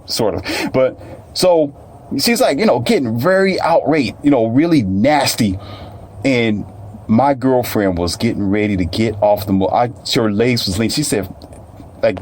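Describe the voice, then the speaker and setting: A man's voice: medium pitch, lively intonation, measured pace, a little mellow. A man telling a personal story in casual, colloquial speech, repeating phrases and addressing listeners directly.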